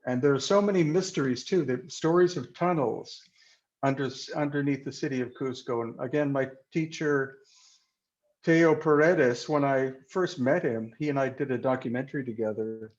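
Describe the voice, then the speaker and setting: A man's voice: mid-range voice, moderate pace. Guy rambling in an interview, keeps restarting, kinda muffled sound. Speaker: guest, researcher living in Peru. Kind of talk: conversational interview.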